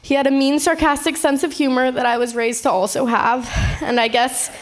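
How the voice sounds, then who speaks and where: A young woman of eighteen reads a prepared eulogy in a high voice. Her delivery is tender and heartfelt, but steady, as she speaks to the people at a memorial gathering. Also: moderate pace. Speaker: eulogy speaker, eldest daughter.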